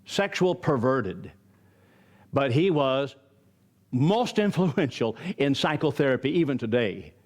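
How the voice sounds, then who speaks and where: A man's voice: medium pitch, animated, takes it slowly. An older man from Arizona teaching a Bible study, emphatic and firing rhetorical questions at his listeners.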